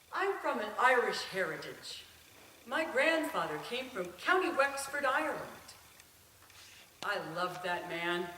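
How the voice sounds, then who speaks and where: A woman's voice: on the high side, far from the mic. Middle-aged woman doing a speech in a meeting room, storytelling, swoopy voice, faint hum behind, echoey. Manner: expressive storytelling, swelling and dropping. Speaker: club speaker. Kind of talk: prepared speech.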